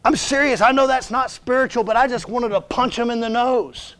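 A middle-aged male pastor with a notably high voice delivers a heartfelt sermon. He speaks personally and emphatically, dropping to near-whispers before rising to forceful emphasis. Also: a little fast. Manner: emphatic, personal, swings between hushed and shouted.

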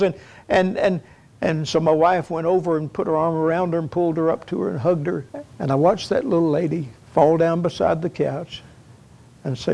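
A middle-aged male pastor with a high, lifted voice preaches from the pulpit. He tells his stories with stumbling repeats, then climbs into emphatic, rising lines. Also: fairly even intonation, normal speed, creaky, mellow. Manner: repeats words, builds to emphatic rises. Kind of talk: sermon with storytelling.

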